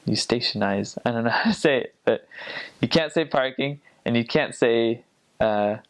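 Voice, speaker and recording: A young man talks in a loose, rambling way, full of fillers and quick laughs. His voice sits at an ordinary middle pitch. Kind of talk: casual chat.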